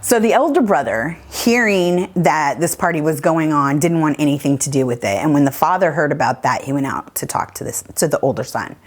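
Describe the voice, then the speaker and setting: A woman's voice: low voice, lively intonation, a little fast, hardly any pauses. A woman leading a children's church lesson, telling a Bible story in a chatty, casual way with many fillers. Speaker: children's ministry leader.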